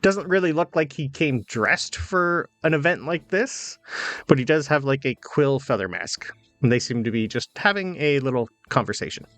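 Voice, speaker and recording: A man narrating a tabletop game as game master, casual and halting with many fillers. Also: mid-range voice, animated, a bit bright, dry recording, faint music behind.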